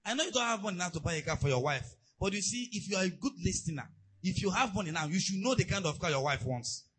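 A man preaching a sermon, telling stories and asides in an animated way. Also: high voice, quick pace, slight background noise, low-quality recording. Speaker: pastor.

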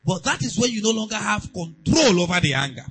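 A pastor preaching a sermon, moving between quiet asides and loud, emphatic exhortation. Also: male voice, high voice, big pitch swings, brisk, husky, soft background music, poor audio.

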